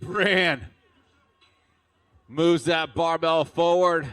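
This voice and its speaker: A man's voice: high voice, very animated, takes it slowly, sharp tone. A man announcing a live arena fitness competition, hyped and cheering the athletes on. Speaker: event announcer. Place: large indoor arena.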